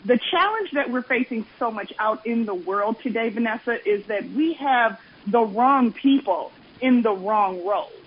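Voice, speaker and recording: A woman's voice: fairly high pitch, expressive, moderate pace, few pauses, husky. A woman business coach speaking as a guest on a radio interview, enthusiastic and emphatic. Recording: dull lo-fi sound with faint noise.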